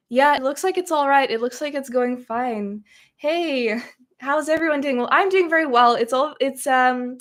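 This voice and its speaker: A woman from Russia hosting a casual livestream Q&A, chatting a little nervously as she reads viewer comments aloud and answers them. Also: a little high. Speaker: streamer hosting a Q&A.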